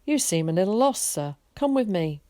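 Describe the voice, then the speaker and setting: A woman's voice: medium pitch, sing-song, dark tone, no room sound, natural voice. A woman voicing a breezy, polite older air-raid warden. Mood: friendly. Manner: brisk, friendly, polite.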